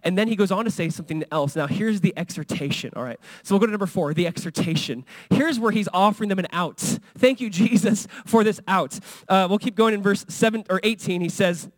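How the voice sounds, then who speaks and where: Male pastor, high voice, dry close sound; casual, lively sermon delivery that acts out quotes. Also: brisk, dry recording. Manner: conversational, animated, acts out quotes.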